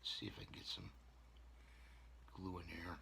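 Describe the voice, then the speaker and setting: A channel host rambles and talks to himself while gluing models together in a casual hobby repair vlog. His voice sits low and creaky, with a steady tone and moderate pace, and there's background noise.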